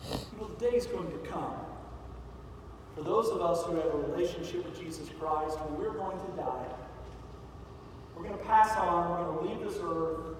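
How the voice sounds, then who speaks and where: Guy preaching in a big church, high voice, kinda far from the mic, faint hiss. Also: normal speed, long pauses. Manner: storytelling, rising to loud emphatic peaks. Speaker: pastor. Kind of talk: sermon. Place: large church sanctuary. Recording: echoey hall from far off, faint noise.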